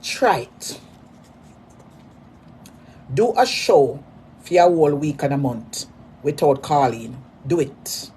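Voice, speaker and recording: A Jamaican woman drawls out a taunting rant at a rival, repeating her jabs and punching some of them out in sudden loud bursts. She speaks slowly and deliberately, with faint ambient noise behind her. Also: low voice, big pitch swings. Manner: mocking, repetitive, insults in sudden loud bursts. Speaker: social media personality.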